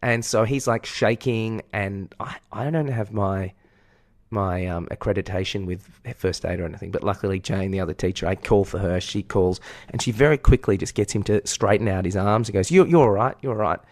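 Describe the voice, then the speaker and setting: Aussie guy, lowish voice, swears a lot, pokes fun at himself telling a story, dry sound. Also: fairly even intonation, moderate pace, darkish tone, no echo. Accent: Australian. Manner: candid, profane anecdote-telling. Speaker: podcast co-host. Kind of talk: casual chat, storytelling.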